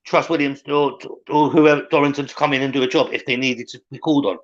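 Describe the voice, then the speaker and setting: A man talking as a guest in a casual football chat, animated and blunt, swearing casually. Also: mid-range voice, quick pace. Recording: dull lo-fi video call audio.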